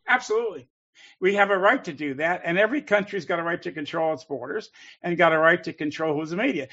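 A man's voice: high-pitched, fast, a bit bright. A man co-hosting a call-in show, talking in an emphatic, heated, repetitive way. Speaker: co-host. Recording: dull lo-fi audio.

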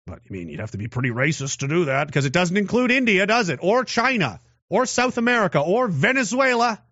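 A man's voice: a little high, no echo. A man giving a casual monologue, rambling with restarts and rhetorical questions. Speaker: political commentator. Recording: dull lo-fi dry recording.

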